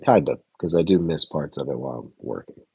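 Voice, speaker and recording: A low, husky man talks through a reality TV episode in loose, rambling chat. He corrects himself mid-sentence and drops the odd curse with a chuckle. The recording is dry and close. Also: fairly quick, dark tone, dry recording. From United States. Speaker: reality TV reviewer. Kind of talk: casual reaction review chat.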